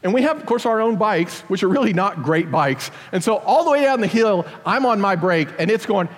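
Animated high-voiced man telling a story. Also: brisk, in a large hall, noisy background. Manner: animated, self-deprecating storyteller. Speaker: father telling a personal story. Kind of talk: storytelling to an audience.

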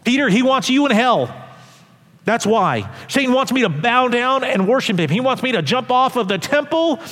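A pastor playing Jesus, pleading earnestly and insistently with a friend in a church hall with long reverb. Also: male voice, extremely high pitch, expressive, normal speed, fairly bright tone, voice pushed up. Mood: urgent. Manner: urgent, insistent preaching.

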